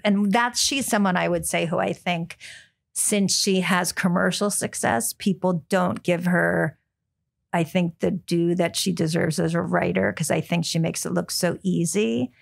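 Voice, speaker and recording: A middle-aged American woman, a book editor, chatting in an interview, full of ums and quick restarts. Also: on the low side, steady tone, vocal fry. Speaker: book editor, podcast guest. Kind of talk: casual interview chat.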